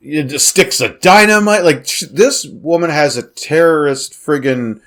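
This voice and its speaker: A man's voice: on the high side, lively intonation, a little slow, a bit bright. A man from Canada co-hosting a movie podcast, chatting casually with jokey sarcastic asides. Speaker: podcast co-host. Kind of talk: casual movie review chat.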